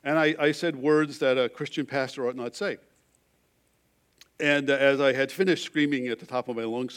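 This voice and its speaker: Speaking at a medium pitch, a middle-aged pastor shares a personal story from the pulpit. His delivery moves from loud emphasis down to hushed confession.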